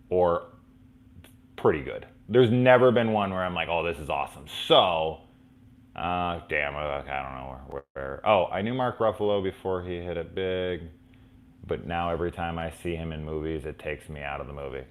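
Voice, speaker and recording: Low-voiced man telling rambling stories. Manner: rambling anecdotes with frequent swearing. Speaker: host of a horror movie review show. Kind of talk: casual live chat answering fan questions.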